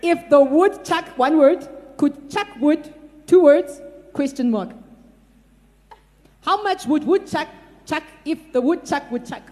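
A woman co-presenting a casual comedy chat, playful and dictating sentences slowly. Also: sits high, expressive, a little mellow. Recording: long hall reverb.

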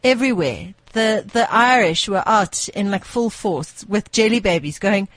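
A woman's voice: mid-range voice, lively intonation, moderate pace, no room sound. A woman, co-hosting a casual chat show and telling stories animatedly, laughing often. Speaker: co-host.

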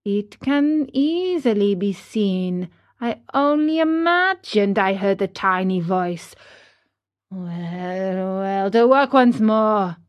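A woman's voice: medium pitch, animated, slow pace, dull audio. A jittery old carpenter played by a woman narrator, mumbling half to himself with a nervous, stuttering edge. His storybook voice wavers, and it sounds a little distant. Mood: uneasy. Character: old male carpenter, jumpy and easily frightened.

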